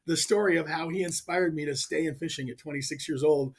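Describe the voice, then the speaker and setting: A man's voice: on the high side, steady tone, a little fast, hardly any pauses, breathy edge. A man who is a professional angler, a guest on the show, telling a personal story in an earnest, heartfelt way and often restarting his sentences when he gets emotional.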